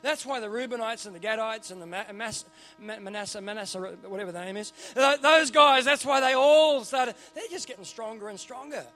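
A middle-aged Australian man preaching a sermon in a church, animated and joking with punchy repeated phrases. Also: extremely high pitch, brisk, faint music behind. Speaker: pastor.

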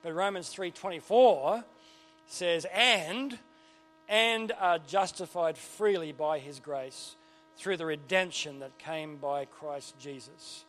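A man preaching a sermon, emphatic, swinging between loud declarations and quiet, earnest passages. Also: fairly high pitch, takes it slowly, soft background music. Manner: emphatic preaching, rising and falling in intensity. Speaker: pastor.

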